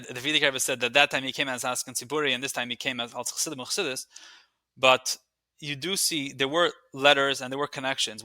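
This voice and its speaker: Fast-talking man with a bright, dry sound. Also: mid-range voice, no echo. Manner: eager, with frequent restarts and repeated words; sprinkles Yiddish and Hebrew terms. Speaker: guest, researcher and writer. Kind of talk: storytelling history in conversation.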